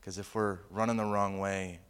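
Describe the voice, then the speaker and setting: A male pastor preaching a sermon, humorous and animated, moving between loud punchlines and quiet, earnest asides. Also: low-pitched, moderate pace, clear, resonant tone. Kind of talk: sermon with personal storytelling.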